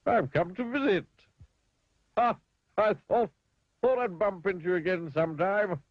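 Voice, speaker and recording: A man's voice: high-pitched, unhurried, no echo, dull audio, voice pushed up. A man voicing a jolly, accident-prone storybook character who giggles, bumbles and makes puns.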